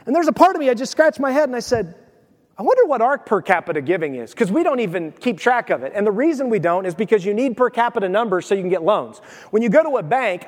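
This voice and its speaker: A man preaching a sermon as pastor, telling everyday stories and asking the congregation direct questions. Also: high voice. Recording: long hall reverb.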